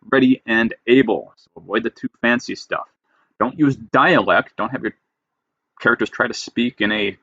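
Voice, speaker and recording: A man's voice: medium pitch, sharp tone, no room sound, dull audio. A man teaching creative writing, reading style rules aloud and explaining each one emphatically. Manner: emphatic, reads a rule then explains it plainly. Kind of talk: lecture reading rules with commentary.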